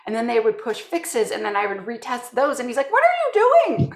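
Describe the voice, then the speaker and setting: A woman's voice: on the high side, fairly quick, echoey room. A woman from Canada, a security professional, telling work stories in an interview and acting out quotes from colleagues. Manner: animated storyteller, acts out quotes. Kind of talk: conversational interview.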